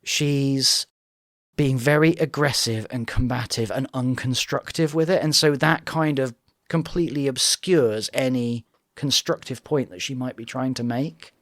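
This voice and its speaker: A man's voice: medium pitch, unhurried, no room sound, clean studio sound. A man co-hosting a casual reality TV reaction chat, breaking the show down analytically. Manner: analytical, mimics voices in quotes.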